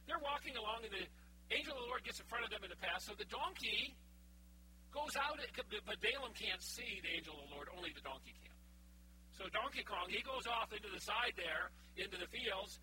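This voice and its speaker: A male preacher tells a Bible story in a high, lively voice that swoops up and down. He keeps it casual, breaking off for frank asides. A steady hum runs under the recording. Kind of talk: sermon retelling a Bible story. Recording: humming background noise.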